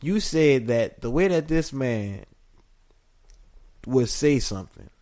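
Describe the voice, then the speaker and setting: Playful male podcast co-host, rambling and animated, average pitch. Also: takes it slowly. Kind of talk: casual chat.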